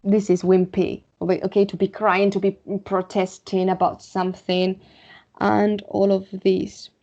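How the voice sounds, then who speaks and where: A Spanish woman with a Spanish accent teaches English vocabulary online, repeating words slowly and checking in with "okay?". Her medium-pitched voice is mellow and flat, picked up by a computer mic with the highs cut off.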